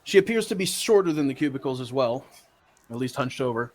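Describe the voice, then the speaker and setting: A man narrates a tabletop game as its game master. He rambles and pads his lines with fillers, and his voice sits at an ordinary middle pitch. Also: animated, a little fast.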